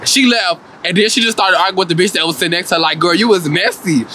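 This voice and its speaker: Sassy, high-voiced man recapping reality TV. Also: very fast, a little hiss or hum. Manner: animated, profane and sassy, laughing often. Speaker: vlogger.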